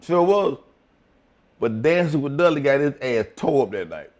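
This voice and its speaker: Animated, profane man telling wrestling stories. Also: medium pitch, normal speed. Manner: profane, animated storytelling with acted quotes. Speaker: interview guest, former wrestler. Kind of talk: shoot interview storytelling.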